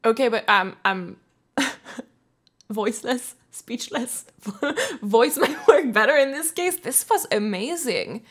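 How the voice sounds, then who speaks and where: A woman vocal coach doing a reaction video, enthusiastic and quick to laugh, at times moved nearly to tears by the performance. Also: medium pitch, a bit bright. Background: faint music of the performance being reacted to.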